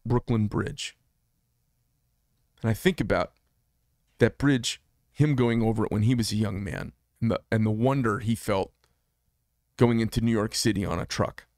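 A man's voice: lowish voice, vocal fry, dry recording, studio quality. A man in his fifties hosting a solo commentary show, speaking in an impassioned, emphatic way and often repeating himself for effect. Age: 50s. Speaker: podcast host.

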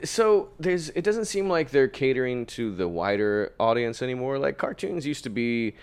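A man's voice: medium pitch, expressive, normal speed, smooth. A young man telling a rambling, self-deprecating story in casual chat, laughing often and swearing freely.

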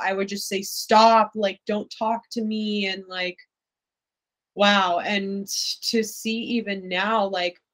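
A woman's voice: mid-range voice, fairly bright tone, rough recording. A young adult woman speaking candidly and reflectively as an interview guest, with many filler words. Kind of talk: casual interview talk.

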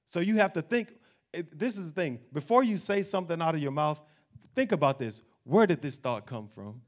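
Man, pastor, animated sermon, slightly high voice. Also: moderate pace. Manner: animated preaching, acts out doubting voices, laughs.

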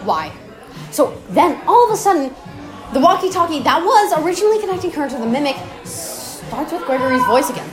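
A woman's voice: sits high, animated, fairly quick. A young woman chatting casually about game lore, rambling, laughing and swearing in slang. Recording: roomy echo with music behind. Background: clear music.

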